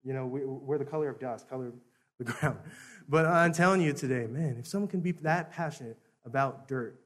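A man's voice: mid-range voice, a little fast, a bit bright. A Baptist preacher telling a story in a sermon, often chuckling and repeating words as he goes.

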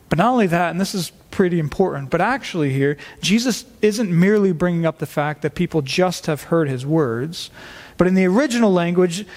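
A man's voice: sits high, long reverb tail. A male pastor preaching an expository sermon, emphatic, stressing key words by repeating them.

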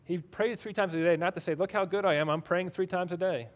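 This male pastor's voice sits high and moves fairly quickly. Between readings of scripture, he adds his own remarks, keeping the sermon conversational and self-deprecating.

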